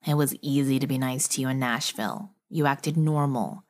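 A woman's voice: rumbling low, moderate pace, a little mellow, pitched below the performer's own voice. A woman narrator voicing a bitter, dismissive young man who sneers at his sister. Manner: scornful, sneering.

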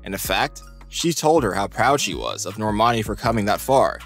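Man, low voice, scripted countdown narration, faint music underneath. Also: moderate pace. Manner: even, steady read-out delivery.

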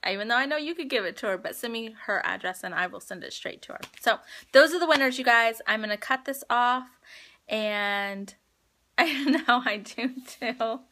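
A woman's voice: fairly high pitch, moderate pace, sharp tone. A woman hosting a live phone stream, chatting heartfelt and rambling with viewers as she announces giveaway winners. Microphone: phone livestream.

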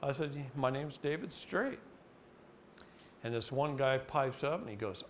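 A middle-aged man from Oregon giving a live seminar talk, telling stories in a folksy, animated way. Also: mid-range voice, a little slow, long pauses, a little hiss or hum. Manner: folksy, animated, mocking voices in anecdotes. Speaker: seminar speaker. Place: seminar room.

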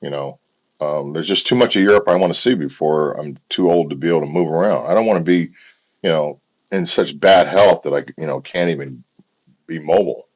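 A man's voice: very deep voice, brisk, slightly rough, muffled recording. A middle-aged American man hosting a livestream, chatting casually in a rambling, profane way. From United States. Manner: profane, rambling, animated storytelling. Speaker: livestream host.

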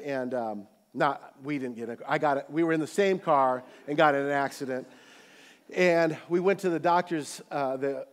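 A man with a high, bright voice preaches a sermon in a church auditorium. He rises into loud, animated calls to the congregation, then settles into relaxed, chatty storytelling. His delivery is lively and rhythmic. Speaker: pastor.

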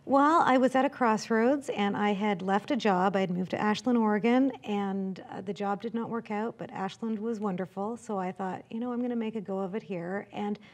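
A middle-aged woman with a light mix of Canadian and British accent talks as a guest artist. Her voice sits at a middle pitch and she answers in a chatty way, quick to laugh. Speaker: artist and company president. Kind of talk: interview answers.

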